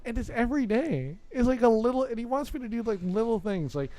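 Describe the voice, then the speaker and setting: A young man co-hosting a podcast, telling a story in a casual, animated, exasperated way and swearing often. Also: extremely high pitch, fast talker, no room sound. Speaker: podcast co-host.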